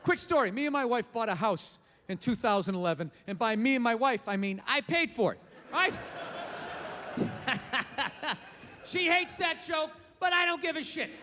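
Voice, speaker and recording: A man doing a stand-up comedy rant, profane and bursting into shouts. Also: extremely high pitch, expressive, normal speed, pauses often, big-room sound, noisy background.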